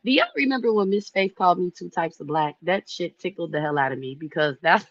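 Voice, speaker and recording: Low voiced woman in her 30s just chatting to viewers, lots of "you know", dry dull sound. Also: moderate pace, long pauses, no room sound. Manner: chatty, animated, says "you know" often. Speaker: vlogger. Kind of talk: casual storytelling to viewers.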